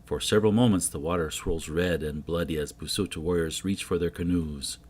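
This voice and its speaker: A man reading a jungle adventure comic aloud, voicing every character himself and getting loud on the shouted lines. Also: low-pitched, brisk. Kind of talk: dramatic comic book reading.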